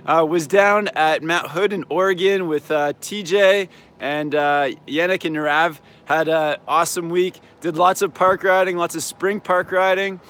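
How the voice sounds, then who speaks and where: A slightly hoarse man hosting a casual live-stream Q&A outdoors, laid-back and upbeat, with lots of "um" and "yeah". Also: a little high, steady tone, a little slow, a bit bright. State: slightly hoarse, losing his voice. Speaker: snowboard coach and channel host. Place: outdoors in a mountain town. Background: faint traffic and plane noise.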